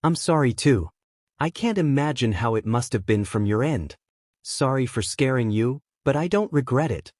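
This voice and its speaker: A man voicing a shy, quietly determined teenage boy in a fanfiction reading, speaking softly and sincerely. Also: medium pitch, expressive, moderate pace, no echo, studio quality, close to an everyday voice.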